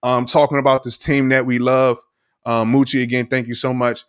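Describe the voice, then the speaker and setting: Animated male co-host, casual enthusiastic sports talk. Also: medium pitch, normal speed, clear, resonant tone, no room sound, studio quality. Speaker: podcast co-host.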